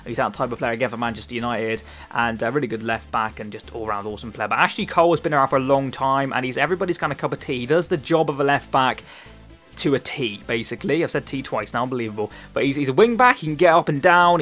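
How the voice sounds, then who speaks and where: Chatty and rambling, a young man from Cornwall, England, narrates his gameplay for YouTube, peppering it with ums and words said twice. He's in his twenties, and his voice is mid-pitched with a fairly bright tone.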